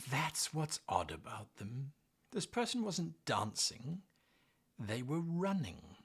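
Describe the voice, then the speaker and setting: A man's voice: medium pitch, huge pitch swings, slow pace, slightly rough. A man running a tabletop game as game master, narrating scenes with playful drama.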